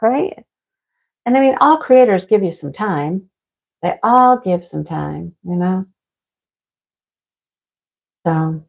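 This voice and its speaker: A middle-aged woman hosts a craft livestream, chatting casually, rambling, and answering viewer comments while laughing often and getting a little snarky. Her mid-range voice swings widely in pitch, moves slowly, and has a creaky edge, with frequent pauses. The audio is dull, lo-fi home stream sound.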